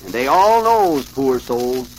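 A man voicing a shifty small-town hustler from a comic strip, excitable and full of dramatic warnings. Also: medium pitch, slow, a little hiss or hum, poor audio. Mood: blustery.

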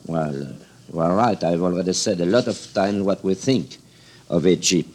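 Deep-voiced man with a French accent. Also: darkish tone. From France. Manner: measured, hesitant, searching for words. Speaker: political guest. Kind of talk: broadcast interview answers.

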